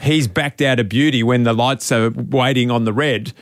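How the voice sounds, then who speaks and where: An Australian man co-hosting a radio show, telling a self-mocking story in a casual, animated way. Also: moderate pace, no room sound. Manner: animated, self-mocking, imitates beeps in a high voice. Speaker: radio co-host.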